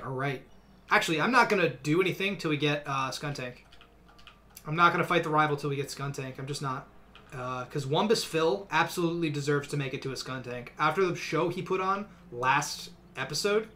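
A young male streamer talks through his game casually, rambling and filling gaps with "uh" and "like." His voice is bright and a touch high. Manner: rambling, full of fillers. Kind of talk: casual gameplay commentary.

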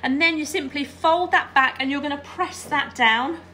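A woman's voice: high-pitched, normal speed, bright, forceful tone, slight background noise. A woman giving a chatty hands-on quilting tutorial while she irons and sews, often checking in with her viewers. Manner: chatty, checks in with "all right?". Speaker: quilting teacher.

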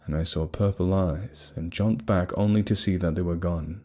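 A young adult man narrating a horror story in a steady, measured way. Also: deep voice. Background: faint music.

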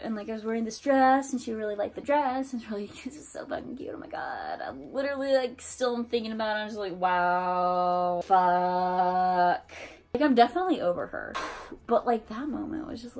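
A woman in her twenties telling a personal story to camera in a casual vlog, lively and profane, acting out her own past thoughts. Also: mid-range voice. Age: 20s. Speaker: vlogger.

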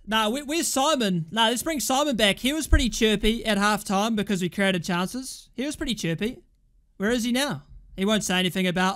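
High-voiced man ranting over a football match. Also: moderate pace. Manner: excitable, swearing, shouting at players. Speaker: football fan channel host. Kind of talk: live match reaction commentary.

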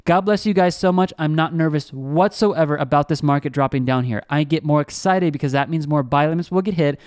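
A man's voice: fairly high pitch, a little fast, a little mellow, clear, resonant tone, dry recording, clean studio sound. A young man hosting a crypto trading vlog, talking to viewers with hyped energy and lots of "guys" and "like". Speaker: crypto trading channel host. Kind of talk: screen-share trading vlog, salesy.

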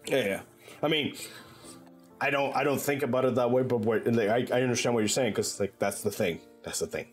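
Man, game streamer, casual chat, swears a lot, rambling restarts, mid pitch, faint background music. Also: a little fast. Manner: loose, profane, rambling with many restarts.

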